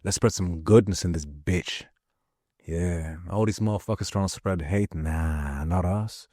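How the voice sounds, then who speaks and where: A man's voice: deep voice, measured pace, dark tone, dry recording, studio quality. A man giving an impassioned spiritual pep talk, repeating his lines and swearing freely for emphasis. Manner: profane, repetitive, emphatic. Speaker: motivational speaker.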